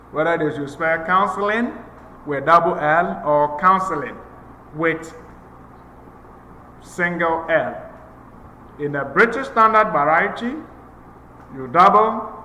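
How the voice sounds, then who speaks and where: Slow, bright-voiced male English teacher, echoey room. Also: a little high, a little hiss or hum. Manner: slow, methodical, repeats points for emphasis. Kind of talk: recorded grammar lecture. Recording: echoey room with long reverb.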